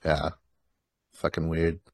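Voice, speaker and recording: A man's voice: very deep voice, completely flat delivery, slow pace, vocal fry, dry recording, clean studio sound. A man co-hosting a casual podcast chat, ranting bluntly and exasperatedly, with some swearing. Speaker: podcast co-host.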